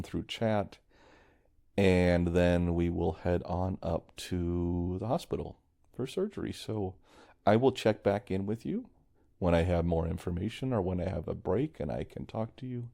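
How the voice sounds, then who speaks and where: Male podcast host, low gravelly voice, warm mellow tone, rambling reflective monologue. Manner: reflective, meandering, restarts often; quietly worried. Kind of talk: casual solo podcast monologue.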